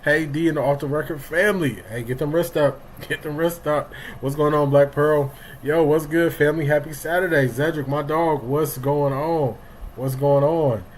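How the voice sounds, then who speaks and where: A man's voice: on the high side, fairly even intonation, normal speed, a little hiss or hum, rough recording. Chatty middle-aged man hosting a live stream. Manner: greets chat viewers by name, loose and talkative. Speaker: livestream sports show host. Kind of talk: casual live-stream chat.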